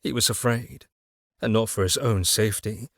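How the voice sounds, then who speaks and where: Male audiobook narrator, low voice, measured dark delivery, dry close sound. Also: steady tone, dry recording.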